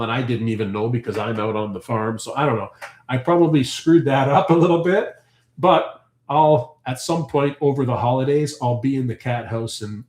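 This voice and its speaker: Hosting a farm live stream, a Canadian man chats casually and at length while answering viewer comments. His voice is mid-range with a darkish tone, and the room gives a noticeable echo.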